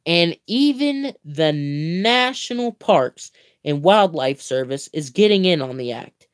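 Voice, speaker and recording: A young man hosting a livestream, reading a comic book aloud in a playful, theatrical way, with chatty asides, drawn-out words and self-corrections. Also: high-pitched, clear, resonant tone. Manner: playful, theatrical reading with mock-grand exclamations. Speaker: livestream host.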